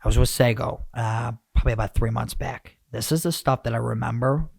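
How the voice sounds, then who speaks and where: A man hosting a podcast, rambling and animated as he rants, with lots of restarts. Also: mid-range voice, brisk, vocal fry, no echo, studio quality. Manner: animated, rambling, self-interrupting. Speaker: podcast host. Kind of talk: casual podcast rant.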